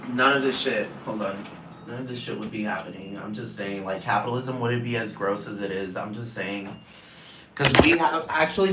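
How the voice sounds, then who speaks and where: A man's voice: medium pitch, fairly bright tone, reverberant, a little hiss or hum, poor audio. A man ranting casually to camera, rambling and profane, repeating himself and laughing often. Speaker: vlogger.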